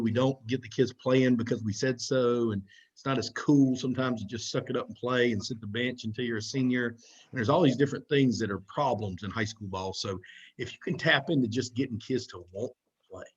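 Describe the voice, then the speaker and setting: Guy talking coaches through a slideshow, kinda husky, dull lo-fi audio, chatty and direct. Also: mid-range voice, fairly quick. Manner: conversational, direct, repeats himself. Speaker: football coaching instructor. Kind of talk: recorded presentation over slides.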